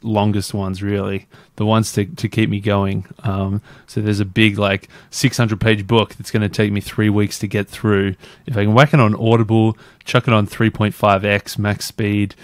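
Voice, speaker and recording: Low-voiced man chatting casually. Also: no echo. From Australia. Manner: rambling, many fillers and restarts. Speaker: podcast guest. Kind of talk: casual interview chat.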